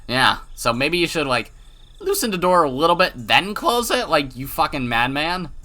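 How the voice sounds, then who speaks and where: Man, let's play host, reads visual novel aloud, very bright tone, dramatic, swears in asides. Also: a little high, very animated, moderate pace. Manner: dramatic reading with profane asides and stumbles.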